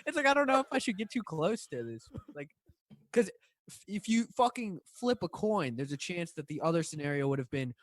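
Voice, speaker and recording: A man's voice: high-pitched, very animated, fairly quick, fairly bright tone, no echo, studio quality. A man co-hosting a casual podcast, telling a story hesitantly with many fillers and swearing. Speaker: podcast co-host. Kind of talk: casual chat.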